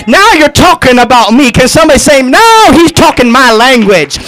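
A man preaching a fervent sermon to his congregation, calling for responses and shouting at the peaks with drawn-out emphatic phrases. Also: extremely high pitch, very animated, poor audio. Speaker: pastor. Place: church.

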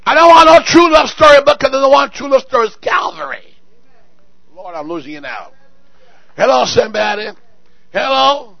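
A male pastor preaching to his church, swinging from quiet asides to shouted exhortations and repeating words for emphasis. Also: very high-pitched, expressive, normal speed, gravelly, long pauses, low-quality recording. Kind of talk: sermon. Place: church sanctuary.

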